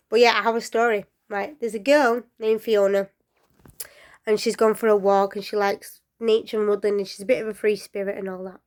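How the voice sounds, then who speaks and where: Chatty woman storyteller with soft drops. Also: medium pitch, fairly even intonation, brisk. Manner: chatty, rambling asides with many fillers; often drops to a soft near-whisper. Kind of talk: casual folklore storytelling.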